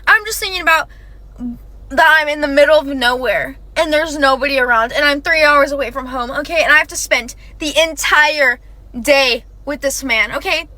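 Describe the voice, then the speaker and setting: A woman's voice: sits high, moderate pace, sharp tone, no echo. A young woman telling a dramatic personal story in a chatty, emphatic way. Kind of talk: casual storytime.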